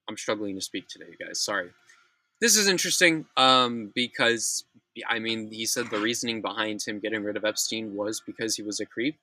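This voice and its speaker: A man's voice: lowish voice, pushed and bright, no echo, low-quality recording. A young man hosting a casual news commentary show, blunt, opinionated and profane, often restarting his sentences.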